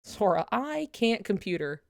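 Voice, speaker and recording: A woman's voice: medium pitch, very animated, unhurried, gravelly. Rambling, giggly woman streamer. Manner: rambling, filler-heavy, swears, laughs often. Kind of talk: casual watch-along chat.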